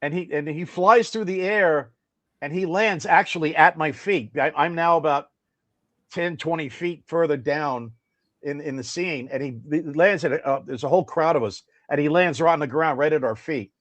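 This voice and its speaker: An older man tells winding anecdotes as a podcast guest, circling back and restarting as he goes. His voice sits fairly high for a man. The sound is dry and close. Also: moderate pace, dry recording. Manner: rambling, animated storyteller. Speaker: guest musician. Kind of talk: casual anecdotal interview.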